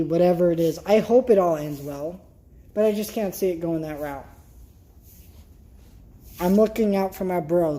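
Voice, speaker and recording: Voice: medium pitch, dark tone. An upset vlogger talks straight to the camera in a loose, casual rant. The delivery is worked up and blunt, with mild swearing. Thoughts trail off into heavy sighs.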